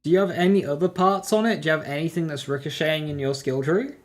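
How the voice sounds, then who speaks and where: A man's voice: on the high side, quick pace. Man thinking aloud over a game stream. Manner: thinks aloud, greets chat viewers. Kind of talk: casual live-stream commentary.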